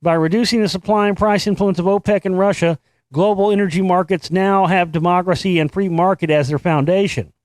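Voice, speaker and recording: A man's voice: high-pitched, steady tone, brisk, dry recording. A male show host who swears freely and reads a news article aloud with sarcastic, mocking asides. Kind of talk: profane political commentary and article reading.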